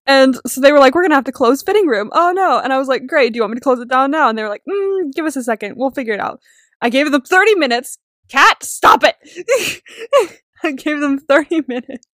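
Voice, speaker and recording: A young woman co-hosting a podcast, telling stories in an animated way, swearing freely and laughing often. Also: high-pitched, brisk, no room sound, clean studio sound. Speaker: podcast co-host. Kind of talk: casual chat.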